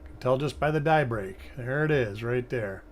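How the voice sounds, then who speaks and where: A man's voice: mid-range voice, moderate pace, a little hiss or hum. A man hosting a live coin-hunting stream, chatting casually and rambling as he thinks aloud at his desk. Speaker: coin hunting livestream host.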